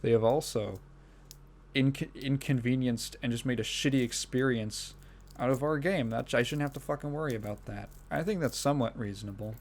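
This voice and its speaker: Here the gaming podcast host talks briskly in a mid-range voice over slight background noise. Alone on the mic, he's loose and profane, wandering from point to point and breaking into laughter mid-sentence.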